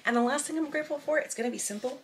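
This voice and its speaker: A woman's voice: high voice, very fast, slight background noise. A woman, a mom vlogging at home in easy casual chat that is full of "like". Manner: chatty, peppered with "like".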